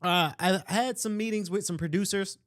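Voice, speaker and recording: A man hosting his own podcast, talking loosely and with hype-man energy, his throat a little strained from shouting. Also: high-pitched, normal speed. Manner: rambling, loose and conversational. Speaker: podcast host. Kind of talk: casual solo podcast talk.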